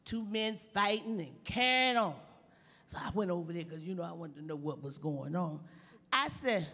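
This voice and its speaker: An actress playing an elderly woman stand-up comic, telling folksy jokes with slow, sly punchlines on a theater stage. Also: lowish voice, expressive, bright, forceful tone, slightly rough, exaggerated voice. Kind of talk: live stand-up comedy routine in a play. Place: theater stage before an audience. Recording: long hall reverb of a live theater.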